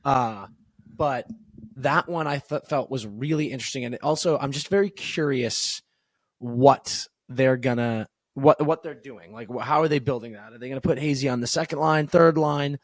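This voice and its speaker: A young man co-hosting a podcast, talking hockey trades in quick, relaxed casual chat. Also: mid-range voice, dry recording. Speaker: podcast co-host.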